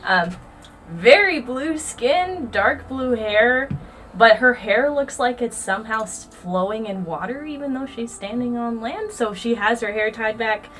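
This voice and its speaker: A woman player describing her character in a lively, chatty way. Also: a little high, unhurried. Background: faint music.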